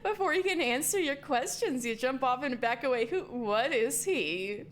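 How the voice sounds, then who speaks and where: A high-pitched woman streaming a game live. She reads the text aloud, giggly and excitable, and breaks off to react as she plays. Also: normal speed.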